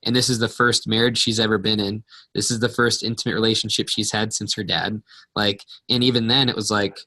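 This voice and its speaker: A man co-hosting a casual video-call Q&A as a relationship coach, talking in an animated, emotional way. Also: fairly low pitch, brisk. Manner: animated, emotional retelling with rising intensity. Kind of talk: casual conversational Q&A.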